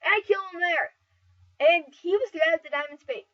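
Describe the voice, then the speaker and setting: A woman giving casual, rambling game commentary over footage, excitable and full of fillers and restarts. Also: very high-pitched, brisk. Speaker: gameplay commentator. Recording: dull lo-fi mic, slightly distant.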